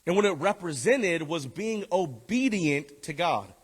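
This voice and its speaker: Fairly high-voiced preacher in an echoing hall. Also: male voice, expressive, a little slow, slightly rough. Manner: emphatic preaching with repeated phrases, dropping low and soft for tender appeals. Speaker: pastor. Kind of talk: sermon. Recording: echoey hall.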